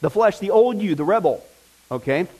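A man preaching with a fairly high voice, talking to his congregation in a loose, conversational way. He keeps checking in with his listeners and bursts into excited exclamations. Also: normal speed, slightly rough, rough recording. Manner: lively, conversational preaching with frequent "okay?" check-ins. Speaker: pastor. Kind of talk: sermon.

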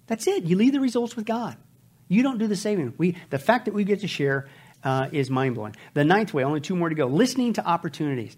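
Animated man preaching a sermon. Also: fast. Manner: animated, loud emphatic delivery with sharp rises in pitch; storytelling with quoted dialogue, dropping to soft asides. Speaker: pastor.

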